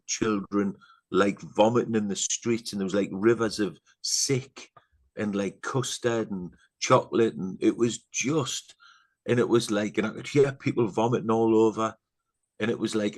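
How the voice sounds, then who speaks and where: A middle-aged man from England, a podcast guest telling a story in casual chat, rambling through fillers and asides and often dropping to a hushed, earnest voice. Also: on the low side.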